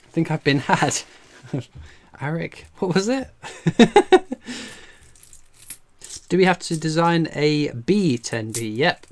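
A man's voice: fairly high pitch, lively intonation, slow, pauses often. Chatty English man hosting a stream. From England. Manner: chatty and jokey, laughs often. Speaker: coin collecting livestream host. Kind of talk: casual livestream chat, reading viewer comments.

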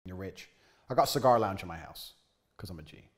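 Swaggering guy bragging to camera, crude and brash, pitch jumping all over. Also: expressive, fairly quick. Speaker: man filmed talking about his lifestyle. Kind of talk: boastful monologue to camera.

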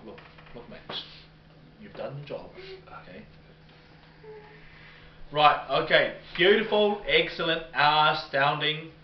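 A man's voice: fairly high pitch, sing-song, slow pace, pauses often. A young man hams it up as a mock interviewer in a comedy skit, leaning on "mate" at every turn. He sounds a step away from the mic, with room echo around him. The sound is a little dull, with faint hiss underneath. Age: young adult. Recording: roomy, distant, dull, with background hiss.

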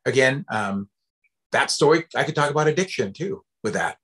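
Man from the pacific northwest, storyteller, lecture, animated, humorous, easy pauses. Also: mid-range voice. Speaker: storyteller and educator.

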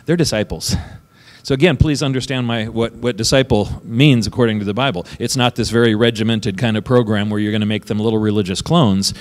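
A man's voice: medium pitch, big-room sound. A man preaching a sermon as pastor, talking conversationally and often checking in with "right?" between points. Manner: conversational, keeps asking "right?" and chuckling. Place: church sanctuary.

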